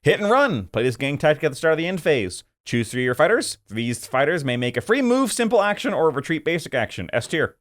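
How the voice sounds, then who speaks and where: A man with a very lively, bouncing pitch co-hosts a casual tabletop gaming chat. He hands out opinionated verdicts, cracks jokes, and often restarts his sentences. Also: brisk, few pauses. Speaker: co-host.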